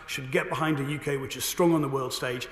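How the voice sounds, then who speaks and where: A man, a government minister, answering questions in a parliamentary debate with a brisk, assured delivery and a slightly hoarse voice. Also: medium pitch, fairly even intonation. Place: debating chamber. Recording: echoey chamber with long reverb.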